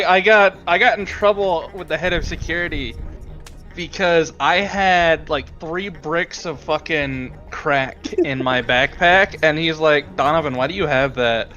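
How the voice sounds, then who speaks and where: A man chatting casually about online games, excitable and blunt, swearing freely. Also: a little high, unhurried, muffled recording, soft background music. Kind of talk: casual gaming chat.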